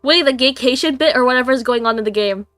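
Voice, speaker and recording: A woman's voice: high-pitched, fast talker, a bit bright, no echo, studio quality, faint music behind. A young woman, congested, streaming a game and reading its story aloud, with giggly, chatty asides between the lines.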